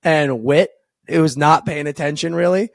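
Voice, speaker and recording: A man co-hosting a casual hockey podcast, telling stories excitedly. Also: fairly high pitch, normal speed, gravelly, no room sound. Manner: excitable storyteller, swears casually. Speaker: podcast co-host.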